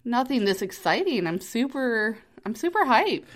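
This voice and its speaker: Woman cohost, joking around, pitch all over the place, voice still kinda rough. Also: sing-song, normal speed. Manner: playful, jokey and talkative. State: voice still a bit rough after losing it. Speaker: podcast co-host. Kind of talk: casual chat.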